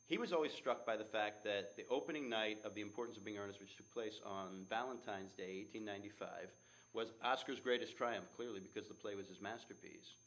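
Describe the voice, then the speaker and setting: Lower-voiced man, enthusiastic theater director. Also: fairly quick, a bit bright. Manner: enthusiastic, storytelling. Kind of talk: interview answers.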